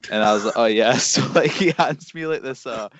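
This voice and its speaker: A young Scottish man telling a story in a relaxed, rambling way during a casual podcast chat. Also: mid-range voice, a little fast, dry recording, lo-fi sound. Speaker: podcast co-host. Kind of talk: casual chat among friends.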